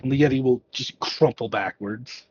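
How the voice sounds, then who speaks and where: A man narrating a tabletop game as game master, in a casual, halting way with restarts. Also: mid-range voice, darkish tone, slightly rough, no echo, muffled recording, soft background music.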